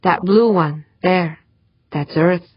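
A woman's voice: on the low side, takes it slowly, husky, no echo. A woman voicing a wry, joking young man in a novel, in a dull, dry recording. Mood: hushed.

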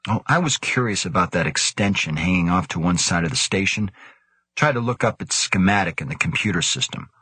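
A man's voice: low-pitched, lively intonation, brisk, pushed and bright, slightly rough, no room sound, heavily acted. A man voicing a curious young male newcomer asking questions. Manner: curious, eager.

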